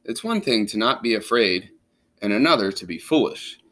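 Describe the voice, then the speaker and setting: A man voicing Camel, a sensible storybook animal who gives calm advice. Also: lowish voice, normal speed. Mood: cautioning.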